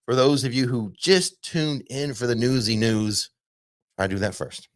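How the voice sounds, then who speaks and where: A man with a mid-range voice and moderate pace hosts a casual theme park news podcast, chatty and loose with plenty of fillers. The recording is dry and studio quality.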